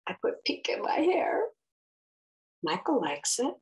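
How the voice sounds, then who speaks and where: A middle-aged woman telling a story to children, animated and expressive, acting out the voices. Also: fairly high pitch, a little slow, poor audio. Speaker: children's story time host.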